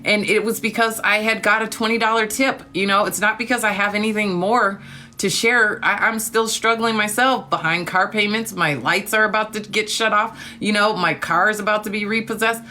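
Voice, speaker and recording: During a casual TikTok live-stream chat, a woman gushes over her viewers, calling them honey and darling, and talks spiritually about gratitude and trust. Her medium-pitched voice is steady and sharp at a moderate pace, with slight background noise.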